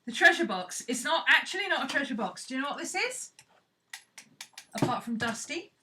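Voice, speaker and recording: A woman's voice: high voice, very animated, fairly quick, noisy background. A woman chatting casually and playfully, thinking aloud as she works on a craft project. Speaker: craft vlogger.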